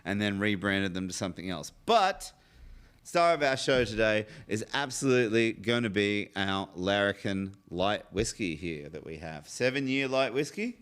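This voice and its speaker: A man hosting a whiskey tasting show, explaining snacks and drinks in a relaxed way and swearing casually. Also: fairly low pitch, moderate pace, smooth.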